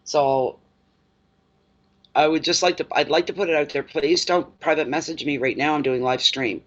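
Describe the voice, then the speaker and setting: Man, tarot reader, livestream host, rambling casual chat, slightly high voice, muffled lo-fi sound. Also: fairly even intonation, normal speed. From eastern Canada. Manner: chatty, rambling, laughs easily. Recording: dull lo-fi livestream audio.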